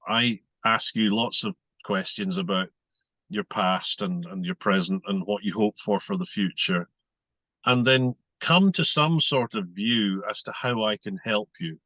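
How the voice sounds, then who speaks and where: A Scottish man speaks in a bright, forceful voice that sits a little low. He explains his work in a measured, patient way. The sound is close and dry. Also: no room sound. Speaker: hypnotherapist guest. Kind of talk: interview answers.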